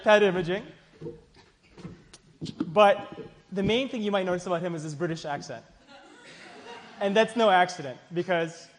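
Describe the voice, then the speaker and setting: A man hosting a science contest, introducing judges with playful teasing jokes and frequent laughs. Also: high voice. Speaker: event host. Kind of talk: joking emcee introductions. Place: large hall with audience. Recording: echoey hall with crowd and noise.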